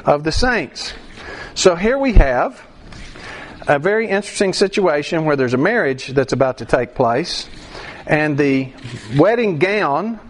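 A man preaching a sermon verse by verse, acting out quoted voices and bursting into song. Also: a little high. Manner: animated preacher, acts out voices and sings a line. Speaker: pastor.

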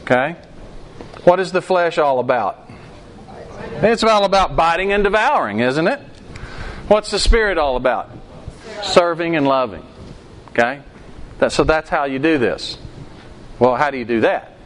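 Higher-voiced man preaching interactively. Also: expressive, a little slow, pauses often, a bit bright. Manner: asks the congregation questions, acts out quoted outbursts. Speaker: pastor. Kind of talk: interactive sermon.

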